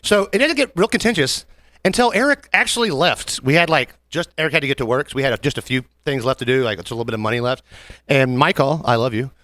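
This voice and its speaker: A quick-talking man spins a story on a podcast and jumps into other people's voices as he goes. His voice is bright and tense, and his pitch swings widely. The sound is dry and close to the mic. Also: dry recording. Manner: animated storyteller, acts out other people's lines. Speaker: podcast host. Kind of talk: casual chat.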